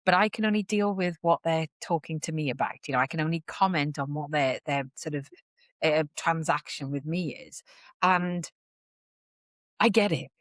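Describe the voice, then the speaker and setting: A woman's voice: low voice, moderate pace, dry recording, studio quality. A woman, a podcast guest chatting casually and animatedly, often acting out what others say. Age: 40s. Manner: animated storyteller who acts out others' voices. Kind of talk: casual chat.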